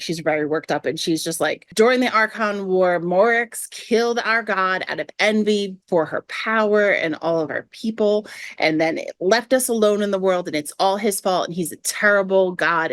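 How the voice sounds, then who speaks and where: Podcast host, woman, lower voice, dry close mic, chatty lore recaps. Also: no echo. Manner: retells game quests with quoted lines. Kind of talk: casual podcast chat.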